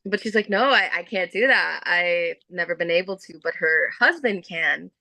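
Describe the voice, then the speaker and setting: A woman's voice: lowish voice, normal speed, gravelly, dry recording, poor audio. A woman telling a story in casual podcast chat, acting out quotes as she goes. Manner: storytelling, animated quoting.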